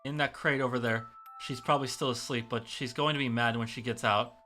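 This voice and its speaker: A man's voice: mid-range voice, steady tone, brisk, pushed and bright, faint music behind, voice pushed down, lightly acted. A man voicing a nervous young boy who has been caught lying and pleads with his mother.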